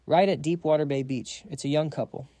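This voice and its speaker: A man's voice: a little high, steady tone, fairly quick, dark tone, dry recording, close to an everyday voice. A man voicing a sleazy, spoiled young heir who leers and boasts in a recap story. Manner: leering, boastful.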